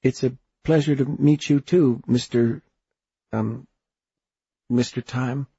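A man's voice: medium pitch, steady tone, slow pace, warm tone, slightly rough, no echo, voice pushed up, exaggerated voice. A man voicing an anxious, easily startled young girl in a storybook, with shaky, breathless questions. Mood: nervous. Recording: dull lo-fi dry recording.

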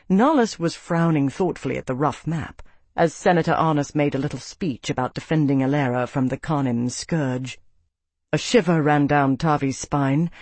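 A man narrating a fantasy audiobook in a steady storytelling manner. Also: fairly high pitch, no echo. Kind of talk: scripted narration.

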